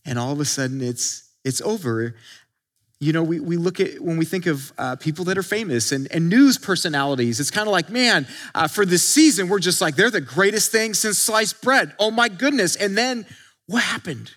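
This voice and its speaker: A man's voice: a little high, animated, moderate pace, a bit bright. A male pastor preaching a conversational sermon, acting out quotes and often restarting his sentences.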